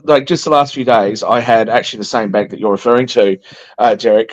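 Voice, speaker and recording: A man's voice: mid-range voice, highs cut off. A man co-hosting a casual panel chat, ranting animatedly and mimicking the people he talks about. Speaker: co-host.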